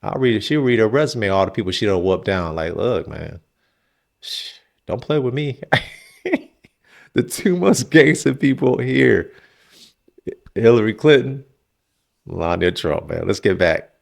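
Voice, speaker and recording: Gravelly man doing slangy commentary. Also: fairly low pitch, a little slow, pauses often. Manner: animated, slangy, laughing. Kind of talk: casual reaction commentary.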